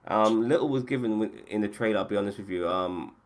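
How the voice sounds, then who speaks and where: A man's voice: lowish voice, fast, background noise. A man hosting a podcast and running a casual chat about video games, swearing freely and often restarting his sentences. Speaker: podcast host.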